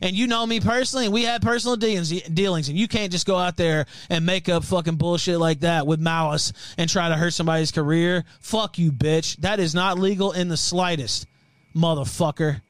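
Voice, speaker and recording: High-voiced man ranting furiously. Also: fairly even intonation, a little fast, no echo. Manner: profane, threatening, heated and loud. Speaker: livestream host. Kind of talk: angry livestream rant.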